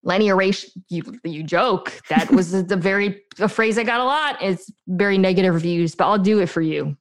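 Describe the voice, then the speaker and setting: A woman podcaster telling a personal story in a quick, chatty way with fillers. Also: mid-range voice, no room sound. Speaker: podcast guest and host. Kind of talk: casual storytelling.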